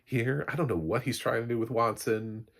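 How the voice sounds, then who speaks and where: A man's voice: mid-range voice, normal speed, creaky. A man giving a casual, blunt spoken review of a TV show, exasperated and laughing in asides.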